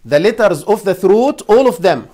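A man, an imam teaching a class on Quran recitation rules. He repeats phrases, quizzes his students and sounds out letters slowly. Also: high voice, lively intonation, mellow.

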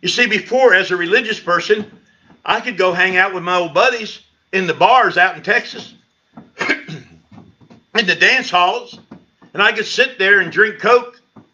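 Animated pastor telling his testimony. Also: normal speed. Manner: storytelling, animated, rises high when quoting himself. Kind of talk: testimony at a Bible study. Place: church. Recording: lo-fi livestream sound.

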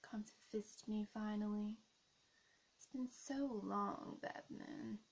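A woman's voice: medium pitch, steady tone, poor audio. A woman voicing a seductive, scheming female plant villain in a whispered role-play, teasing and blowing kisses. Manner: teasing, flirty, blowing kisses, slow hypnotic coaxing. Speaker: YouTube role-play creator.

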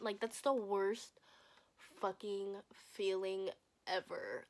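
A woman's voice: medium pitch, measured pace. A young woman vlogger telling a personal story in a casual, blunt, profane way, acting out what people said. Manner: profane, blunt, acts out quoted voices.

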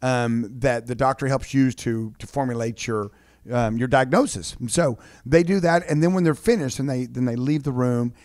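A man's voice: medium pitch, normal speed, darkish tone, dry recording, clean studio sound. A man co-hosting a business talk show, chatty and reacting with enthusiasm. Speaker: co-host, doctor and business owner.

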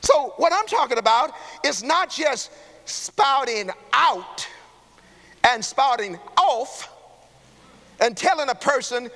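High, bright-voiced preacher in a reverberant church. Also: male voice, animated, slow. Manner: call-and-response preaching, rising to shouts. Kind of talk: sermon. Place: church sanctuary. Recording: long hall reverb in a church.

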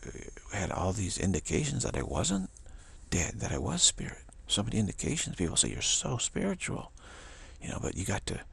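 A low-pitched man with a gravelly, very husky voice gives a casual spiritual talk outdoors. He muses and circles back on his words. Now and then he acts out the voices he quotes. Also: huge pitch swings, a little fast. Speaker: spiritual teacher. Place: outdoors in the evening.

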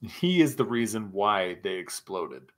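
This young man hosts a laid-back livestream in a fairly low, very animated voice, never hurrying. Slightly tipsy from scotch, he reads chat and spins stories, rambling, cursing, and laughing along the way.

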